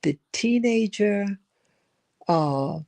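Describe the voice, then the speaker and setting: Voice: mid-range voice, expressive, very slow, darkish tone. An older person telling a personal story in a rambling, reflective way, often repeating and restarting words. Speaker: spiritual vlogger.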